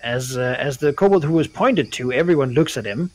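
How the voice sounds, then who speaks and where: A man's voice: mid-range voice, animated, brisk, poor audio. A man running a tabletop game as game master, narrating casually with many fillers.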